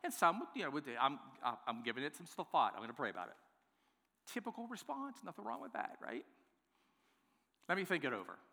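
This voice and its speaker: A man preaching a sermon as pastor, playful and lively, acting out the excuses people give. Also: on the high side, fairly quick, creaky, in a large hall. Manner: lively, playful, acts out congregants' replies. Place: church worship center.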